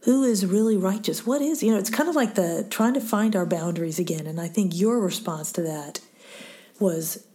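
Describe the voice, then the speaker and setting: A middle-aged woman hosting a faith-based interview, soft-spoken and often dropping to a breathy near-whisper. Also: medium pitch, a little fast, few pauses. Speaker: podcast host interviewing her daughter.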